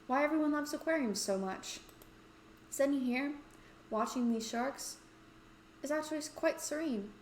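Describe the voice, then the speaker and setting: A woman's voice: high voice, moderate pace, long pauses, reverberant, slight background noise. A woman playing and reading a story game aloud, with playful, chatty asides. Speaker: let's play host.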